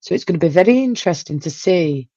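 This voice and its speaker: A woman hosting a casual livestream chat, talkative and quick to exclaim. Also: lowish voice, lively intonation, mellow, no echo, muffled recording. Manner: chatty, exclaims and laughs often. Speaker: livestream host.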